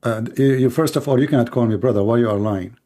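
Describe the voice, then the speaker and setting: A man hosting a live-streamed call-in debate, talking in a mocking, sarcastic way and laughing at his callers, with halting restarts. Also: medium pitch, mellow.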